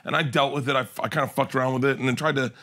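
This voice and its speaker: A man's voice: medium pitch, steady tone, rapid-fire, a bit bright. A male comedian in casual conversation, animatedly acting out quotes in a profane story. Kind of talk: casual chat.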